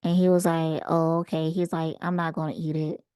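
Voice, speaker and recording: A woman host casually telling a personal story in an unhurried, animated way. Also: low-pitched, clear, resonant tone, no room sound, clean studio sound. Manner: unhurried, conversational, animated retelling. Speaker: channel host.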